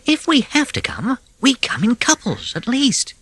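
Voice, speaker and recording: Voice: mid-range voice, wildly swooping pitch, unhurried, a bit bright, husky, dry recording, voice pushed up, exaggerated voice. A narrator voicing a brave, good-natured male water rat in a storybook reading, speaking in a kindly, soothing, practical way.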